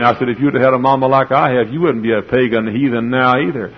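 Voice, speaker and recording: A man preaching a sermon to a congregation, with an impassioned style that swells toward shouting, on a muffled old tape. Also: medium pitch, quick pace, hardly any pauses. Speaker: pastor. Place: church sanctuary before a congregation.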